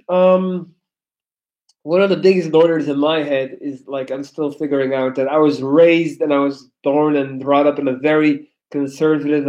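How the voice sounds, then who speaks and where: A man's voice: fairly high pitch, warm tone. A young man reading viewer comments aloud in a laid-back, slangy livestream chat. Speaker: YouTuber reading live chat.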